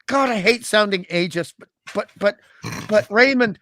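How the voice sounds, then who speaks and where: A man's voice: sits high, moderate pace, fairly bright tone. A man chatting as a podcast guest, opinionated and wry, with many restarts. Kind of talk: casual podcast chat.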